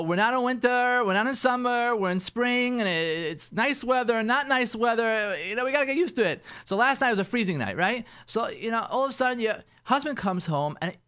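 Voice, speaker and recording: A rabbi hosting a radio show gives marriage advice animatedly, often repeating himself and acting out what spouses say. His voice is high-pitched with a clean tone.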